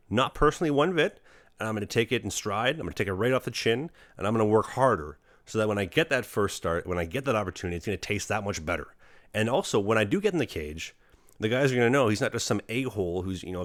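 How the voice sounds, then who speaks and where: Brief: young male podcast host, low voice, rapid earnest delivery, dry close mic. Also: a bit bright, dry recording. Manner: earnest, rambling, motivational, fast with fillers. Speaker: podcast host, hockey goalie. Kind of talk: casual podcast chat.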